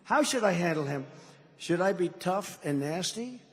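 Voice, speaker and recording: A man's voice: sits high, expressive, moderate pace. An older man speaking as a political candidate at a campaign rally, rambling and mocking, teasing the crowd with asides. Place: large rally hall with crowd. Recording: long hall reverb, faint ambience.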